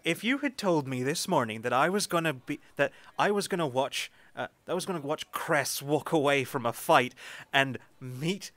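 A man's voice: a little high, moderate pace, a bit bright, close to an everyday voice. A man voicing a cheerful, swaggering male alien gunslinger who sounds showy and a little flustered. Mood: awed.

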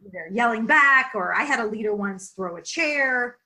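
Fielding interview questions, a woman who works as a leadership coach explains with plenty of energy, sprinkling in frequent "right?" asides. She speaks at a moderate pace in a fairly high voice, on a rough recording.

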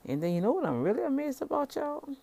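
Speaking quickly with big pitch swings, this middle-aged woman entrepreneur delivers a preachy, casual motivational rant full of repeated words and addresses to y'all. Her voice is high, creaky and mellow, with no room sound.

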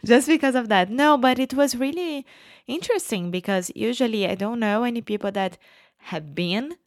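A woman's voice: fairly high pitch, expressive, normal speed, no echo, clean studio sound. Playful Brazilian woman co-hosting. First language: Portuguese. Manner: playful, laughs often, teasing. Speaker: podcast co-host. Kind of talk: casual podcast chat.

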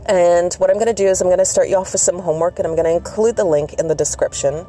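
A woman's voice: fairly low pitch, steady tone, fast talker, dark tone, faint music behind. A woman from Canada hosting a self-care vlog, talking in an encouraging, chatty way with small asides. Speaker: self-care vlogger and host. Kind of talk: casual motivational talk.

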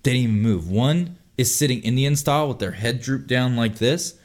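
A young man telling a long story on a casual podcast, animated and full of swearing. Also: medium pitch, normal speed. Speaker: podcast host.

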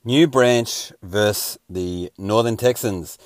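A man's voice: on the low side, takes it slowly, no room sound, studio quality. A man hosting a casual sports round-up, a little scratchy and hungover, with wry joking asides. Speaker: host.

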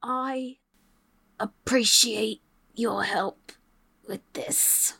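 A woman voicing a blunt, weary female ship captain who makes dry, deadpan threats in a tabletop game. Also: on the high side, takes it slowly, noisy background. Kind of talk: in-character tabletop play.

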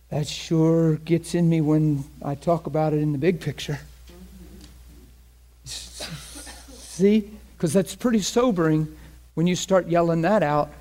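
A man preaching a sermon with impassioned delivery, moving between loud bursts and hushed lines. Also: fairly high pitch. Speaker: pastor.

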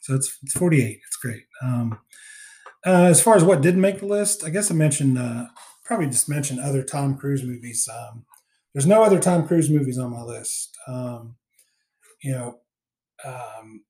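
A man's voice: mid-range voice, moderate pace, dark tone. A man hosting a podcast in a casual, rambling chat full of fillers. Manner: rambling, many fillers and restarts. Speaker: podcast host.

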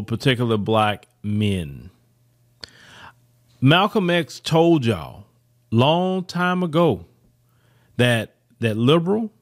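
A middle-aged man giving preachy, emphatic opinion commentary, often stumbling into repeated words and restarts. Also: mid-range voice.

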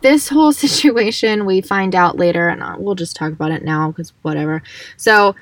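A woman's voice: mid-range voice, moderate pace, dry recording, recorded from a distance. Casual woman co-host, slightly off-mic. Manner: lively, swears freely, laughs often. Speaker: podcast co-host. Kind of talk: casual chat and reading aloud from a book.

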